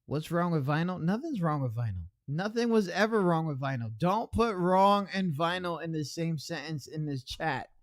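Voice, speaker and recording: A man hosting an online radio stream in casual chat, rambling along and reading out chat messages with shout-outs. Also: on the high side, lively intonation, moderate pace, few pauses, no room sound, studio quality.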